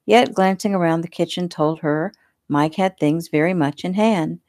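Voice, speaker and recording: A woman author reading her own novel aloud in a relaxed, homey way. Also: lowish voice, normal speed, dry recording, clean studio sound. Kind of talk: casual audiobook narration.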